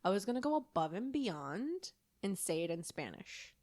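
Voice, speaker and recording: A woman recounting a story on a podcast with a bouncy, animated voice that rises and falls a lot. She rambles and laughs along the way, her words recorded close and dry with no room sound. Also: medium pitch, normal speed, no room sound. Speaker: podcast co-host telling a true story. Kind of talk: casual podcast chat and storytelling.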